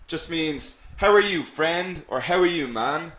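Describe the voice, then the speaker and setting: A man's voice: fairly high pitch, a bit bright. Upbeat man teaching English. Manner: upbeat, encouraging, repeats key words slowly. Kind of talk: live online English lesson. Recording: roomy echo.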